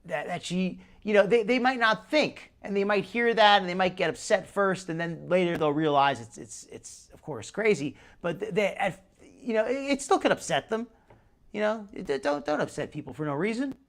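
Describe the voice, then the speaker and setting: A man's voice: sits high, animated, moderate pace, vocal fry, fairly bright tone. A man hosting a live stream, commenting casually in a rambling way with many restarts. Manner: rambling, restarts a lot, chuckles. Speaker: host.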